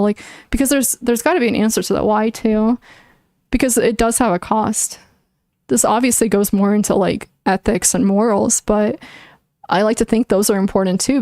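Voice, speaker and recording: With a medium-pitched, darkish voice in clean studio sound free of room sound, a young woman talks casually with viewers on her livestream. She answers them while thinking aloud, earnest and opinionated, with plenty of "likes" and restarts.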